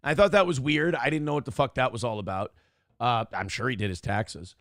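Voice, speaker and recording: A man's voice: medium pitch, fairly quick, fairly bright tone, no room sound, clean studio sound. A man hosting a morning show, telling a rambling, profane story in casual talk and acting out the people he quotes. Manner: profane, rambling, acts out quotes in other voices.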